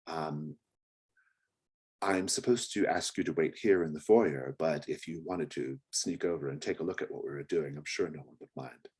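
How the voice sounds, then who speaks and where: A man's voice: extremely low pitch, moderate pace, darkish tone, husky. A man voicing a pretty, eager young male houseboy who talks in a gushing, chatty way. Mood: eager, welcoming.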